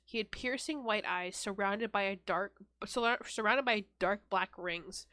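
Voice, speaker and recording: A young woman co-hosting a podcast, reading a horror story aloud in a flat, deadpan way, often breaking off to laugh and swear. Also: mid-range voice, no room sound. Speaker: podcast co-host.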